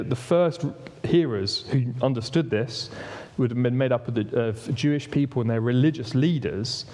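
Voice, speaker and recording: A man's voice: medium pitch, darkish tone. A man giving a conversational sermon in a church hall, often restarting phrases and asking for the next slide. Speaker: preacher. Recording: long reverb of a hall.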